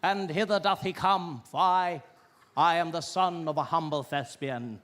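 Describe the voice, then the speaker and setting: A man's voice: a little high, a little slow, a bit bright. A man voicing a pompous old-fashioned stage actor declaiming in a grand, archaic manner, recorded live in a big hall. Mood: grandiose.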